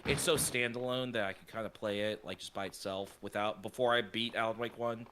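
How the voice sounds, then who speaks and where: A young man who games and streams, chatting casually on a voice call, animated and sometimes slipping into a mock wrestling-commentator voice. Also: fairly low pitch, a little fast. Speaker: gamer and streamer. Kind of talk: casual chat over a voice call. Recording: clear background noise with clicks.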